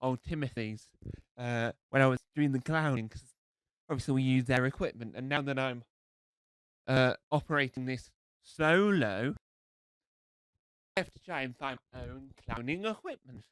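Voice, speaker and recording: A man's voice: medium pitch, normal speed, smooth, no echo, rough recording. A man with a cold doing a rambling, self-deprecating live stand-up set. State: has a cold. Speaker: stand-up comedian.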